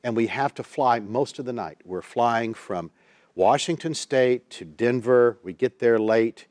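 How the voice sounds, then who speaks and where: A man tells a personal story in a studio interview, his voice at an ordinary middle pitch. He is lively and expressive, slipping into the voices of the people he quotes. The sound is dry and close, with no room echo. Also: measured pace. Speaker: Christian counselor and minister, guest.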